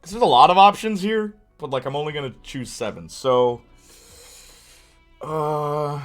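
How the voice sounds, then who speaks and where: A man chatting excitedly and rambling about games on a live stream. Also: fairly high pitch, a little slow, faint music behind. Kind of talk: casual chat on a live stream.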